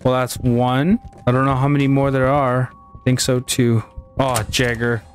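A man chatting casually while playing a game with friends, excitable and swearing, yelping when scared. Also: medium pitch, measured pace, faint music behind. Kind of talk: casual gaming chat.

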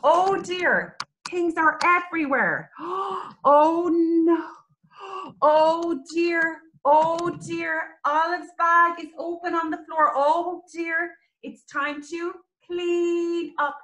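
A woman teaching young children, animated and sing-song, with exclamations and little songs. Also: very high voice, drawn-out words. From Ireland. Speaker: early years teacher. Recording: roomy echo.

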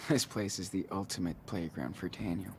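An actor voicing a relaxed, slangy teenage older brother in a story video game. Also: male voice, sits low, fairly quick, slight background noise. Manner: easygoing, slangy.

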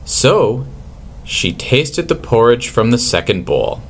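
A man reading a classic fairy tale aloud to children in a gentle, expressive way. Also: medium pitch, slow pace, slight background noise. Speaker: storyteller for children.

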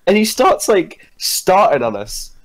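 A man's voice: high-pitched, very animated, measured pace. Young man telling crude stories. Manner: crude, swears a lot, laughs through stories. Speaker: live streamer. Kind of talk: casual storytelling with friends.

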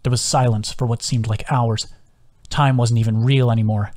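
A man reads his own novel aloud in a steady, measured audiobook voice at a middling pitch. He keeps the narration even and drops to a hush for quoted whispers.

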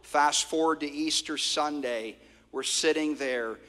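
A male pastor delivers a sermon in a bright, slightly raised voice. He tells stories with energy, rising to loud bursts and dropping to hushed tones. The sound rings with the long reverb of a large church hall. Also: a little high, unhurried. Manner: animated storytelling preacher, swings from loud to hushed.

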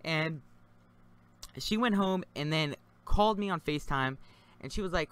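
Casual young gamer telling a story. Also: male voice, high-pitched, lively intonation, moderate pace, long pauses, a bit bright, smooth. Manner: loose, rambling, swears casually, many fillers. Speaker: gaming channel commentator. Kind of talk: casual storytelling commentary over gameplay.

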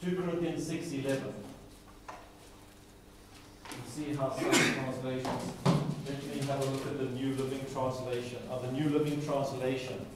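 A man's voice: mid-range voice, little pitch movement, normal speed, heavy background noise. A man teaching a Bible class in a chatty way, with playful asides and mock voices. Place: chapel classroom. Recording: echoey room from a distant mic.

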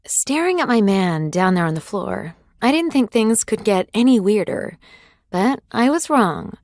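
A woman's voice: mid-range voice, expressive, unhurried, a little mellow, dry recording, clean studio sound. A woman telling a dramatic, confiding personal story as scripted narration for a sales ad.

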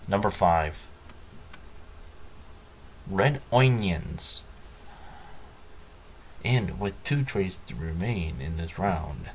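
A man's voice: low voice, a little hiss or hum. A man hosting a let's play, commenting in a dry, sarcastic, self-mocking way. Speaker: gaming channel host.

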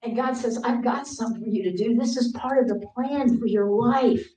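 Woman preacher, fairly high voice, storytelling sermon, roomy echo, distant mic. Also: brisk. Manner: acts out her younger self in a raised, pleading voice; drops to a soft, hushed voice for quiet moments.

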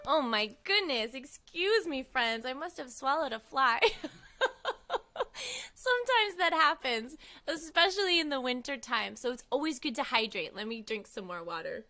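A woman's voice: high-pitched, lively intonation, moderate pace, pushed and bright. A woman hosting a live children's music show, cheerful and talking to the kids as friends, her voice slightly froggy.

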